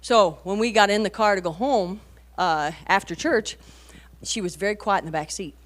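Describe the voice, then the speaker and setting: Woman, 40s, conversational sermon speaker; animated anecdotes, rhetorical asides, emphatic peaks. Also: medium pitch, normal speed. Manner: animated storytelling, rising to emphatic bursts. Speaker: women's conference speaker. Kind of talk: conversational sermon to mothers and teens.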